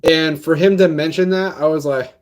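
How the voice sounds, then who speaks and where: A man's voice: fairly high pitch, steady tone, normal speed. A young man in casual reaction commentary, talking loosely in slang and laughing often as he reviews a song. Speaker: music reviewer.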